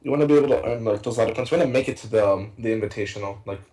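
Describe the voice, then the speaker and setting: A young man co-casting a card game tournament in a casual, rambling, excitable way, with many fillers and restarts. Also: on the low side, very fast, rough recording. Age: young adult. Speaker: tournament co-caster.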